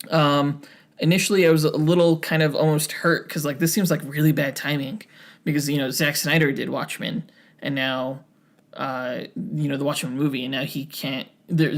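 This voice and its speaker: A young man co-hosting a podcast, talking casually with many fillers and restarts. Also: a little high. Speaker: podcast co-host.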